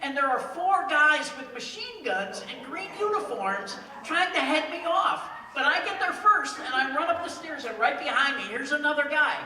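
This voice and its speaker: A man telling a comic story live on stage, with deadpan timing and wry asides. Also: very high voice, normal speed, hardly any pauses, a little hiss or hum. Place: stage in a hall before an audience. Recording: echoey hall, mic far off.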